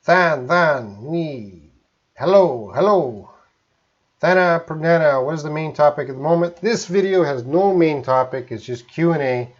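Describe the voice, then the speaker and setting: A man from Canada, an English teacher, answering viewer questions in a live-stream lesson, talking slowly and choosing his words carefully. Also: on the high side, muffled recording. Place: home in Korea, live stream.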